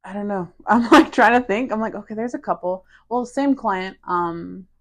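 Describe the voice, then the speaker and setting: Calm woman guest on a podcast. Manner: calm, low-key listener who talks fast when excited. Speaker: esthetician guest. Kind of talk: casual chat.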